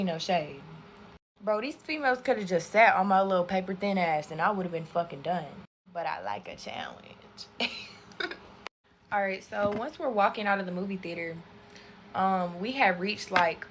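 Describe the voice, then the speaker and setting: Woman, storytime vlog, profane and animated, talks straight to viewers. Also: mid-range voice, normal speed, background noise. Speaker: content creator.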